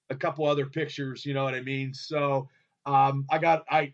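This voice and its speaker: A fairly high-voiced man hosts an internet radio show, rambling loudly through a story. He swears freely, trails off and starts his sentences again. The audio is dull and lo-fi, as if from a home studio. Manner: excitable, loud and profane, often trailing off and restarting.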